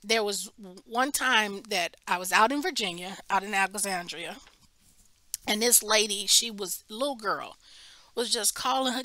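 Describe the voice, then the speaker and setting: A woman's voice: medium pitch, a little slow, no echo. A woman preacher teaching a Bible study, telling a story animatedly and acting out the people in it, with emphatic restarts. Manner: animated storytelling, acts out quoted voices.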